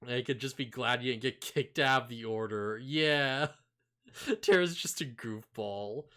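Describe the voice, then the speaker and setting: Male podcast co-host, mid-pitched, rambly and giggly, casual chat. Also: measured pace, a bit bright. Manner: rambling, filler-heavy, laughs often.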